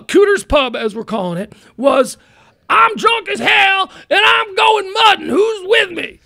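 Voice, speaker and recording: A radio talk show host ranting in an incredulous, animated way from a studio. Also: high-pitched, vocal fry, no echo.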